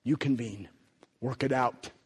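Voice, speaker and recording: A man with a husky voice voicing the apostle Peter as bold and defiant in a sermon, with long hall reverb. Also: medium pitch, a little slow. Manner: blunt, defiant.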